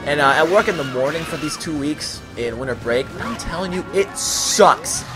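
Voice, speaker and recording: A young man from the US East Coast talks over his gameplay in a lively voice that swings up and down. His commentary rambles and jokes, and he wanders off on sidetracks. His voice is on the high side for a man, with quiet music behind him. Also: moderate pace. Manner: rambling, jokey, easily sidetracked. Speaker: let's play host. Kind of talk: let's play game commentary.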